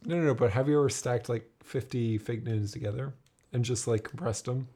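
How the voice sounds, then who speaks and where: A man's voice: mid-range voice, a little fast, mellow, slightly rough. Teasing man on a kitchen podcast. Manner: playful, teasing interruptions. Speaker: podcast co-host. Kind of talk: casual podcast chat. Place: home kitchen.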